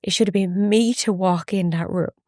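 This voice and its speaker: A woman, a podcast guest telling a personal story in a halting, emotional way with frequent restarts. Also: mid-range voice, fairly even intonation, warm tone, no room sound, studio quality.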